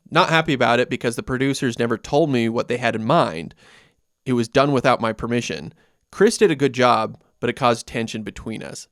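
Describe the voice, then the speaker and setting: A young adult man hosts a chatty podcast, reading facts from his notes in a relaxed way. He laughs easily between points. His voice is mid-pitched and recorded close and dry. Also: creaky, no echo. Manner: relaxed, laughs often, reads notes aloud. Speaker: podcast co-host. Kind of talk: casual chat.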